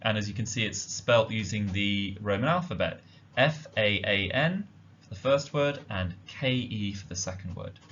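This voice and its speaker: A man giving a slide-based language lesson, explaining slowly and carefully with frequent ums. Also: fairly low pitch, fairly bright tone, slight background noise. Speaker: language teacher. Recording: dull lo-fi audio.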